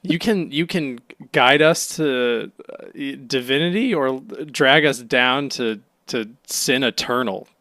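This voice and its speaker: A man co-hosting a casual podcast chat, excitable and laughing often, with frequent restarts. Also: medium pitch, slow, no room sound, clean studio sound. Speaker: podcast co-host.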